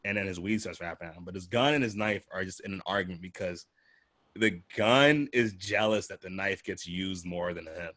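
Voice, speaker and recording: Hosting a casual podcast conversation, a man speaks in a low, slightly bright voice at a moderate pace. He spins loose, profane stories, performing the voices of whoever he's quoting.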